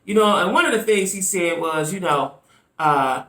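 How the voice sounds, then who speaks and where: Animated woman vlogger in a roomy echo. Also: lowish voice, normal speed. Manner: animated, chatty, frequent "right?" asides. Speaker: YouTube commentator. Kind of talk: casual commentary vlog.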